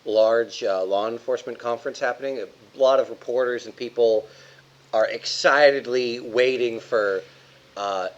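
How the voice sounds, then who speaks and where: A man playing a tabletop game, narrating his character's scene in a steady, casual way. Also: lowish voice. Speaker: player. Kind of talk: casual tabletop role-play. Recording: dull lo-fi sound.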